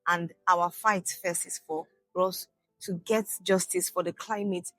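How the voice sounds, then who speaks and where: A woman's voice: lowish voice, fairly even intonation, unhurried, pushed and bright, dry recording, soft background music. A Nigerian woman project officer giving an interview answer with passion and rhetorical questions. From Niger Delta, Nigeria.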